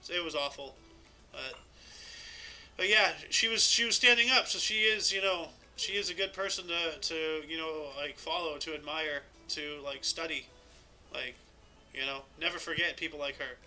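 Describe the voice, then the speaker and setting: A man with a high, very bright voice hosts a loose group chat, reading historical dates aloud. He rambles with plenty of fillers and small chuckles, and faint music plays underneath. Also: moderate pace. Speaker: podcast host.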